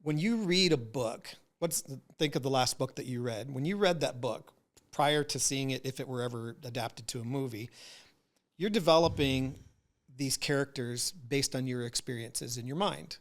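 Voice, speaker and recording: A man as a podcast guest in casual chat, relaxed and explaining his ideas through long analogies. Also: medium pitch, moderate pace.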